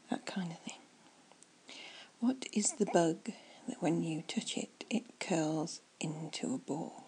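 A woman doing a whispered ASMR chat, soft and rambling as she muses aloud. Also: fairly low pitch, slow, husky, rough recording.

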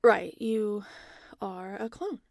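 A woman playing a frazzled, overworked scientist who has just cloned herself, talking in a flustered, stammering, excitable way in an erotic audio role-play. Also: medium pitch, takes it slowly, vocal fry, no room sound, clean studio sound.

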